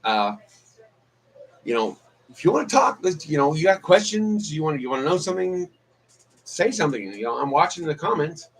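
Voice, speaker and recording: A man's voice: a little high, very animated, normal speed, pauses often, poor audio. Rambling casual man on a live stream. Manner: rambling, many fillers and restarts. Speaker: YouTube vlogger.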